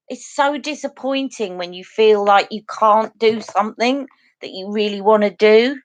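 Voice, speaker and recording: A woman's voice: mid-range voice, normal speed, no echo. Chatty woman on a live stream. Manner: chatty, earnest, talks to viewers directly. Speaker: beauty channel host. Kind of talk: casual live-stream chat.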